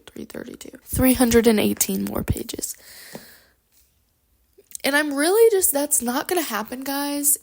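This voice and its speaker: Young woman, chatty vlogger, slightly high voice with vocal fry, rambling and bubbly, recorded at home on a handheld mic. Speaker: book vlogger. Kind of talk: casual chatty vlog. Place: at home, moving between rooms. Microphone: handheld microphone.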